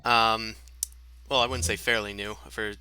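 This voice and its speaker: A man's voice: lowish voice, flat delivery, unhurried, sharp tone, clean tone, dry recording. A man running a tabletop game as dungeon master, chatting casually over a voice call with an easygoing, hesitant manner. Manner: easygoing, hesitant with many fillers.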